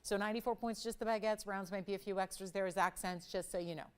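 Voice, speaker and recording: Female shopping-channel host, smooth resonant voice, upbeat chatty sales patter. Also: medium pitch, fairly even intonation, fast talker. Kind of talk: live home shopping sales pitch.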